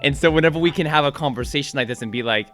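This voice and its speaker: A man hosting a casual interview podcast, animated and quick to laugh, getting loud when he gets excited. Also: on the high side. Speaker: podcast host. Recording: music playing underneath.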